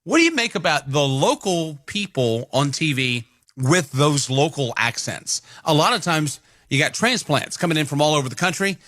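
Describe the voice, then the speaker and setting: A man's voice: a little high, big pitch swings, normal speed, fairly bright tone, no echo. A man co-hosting a morning radio show, talking in a rambling, conversational way at a studio mic. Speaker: radio co-host. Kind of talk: casual morning radio chat. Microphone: studio microphone.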